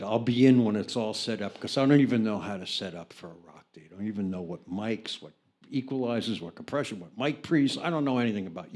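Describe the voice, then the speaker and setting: An older American record producer telling anecdotes in an interview, acting out the people in his story with lively changes of voice. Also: medium pitch. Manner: animated storyteller, acts out other people's lines.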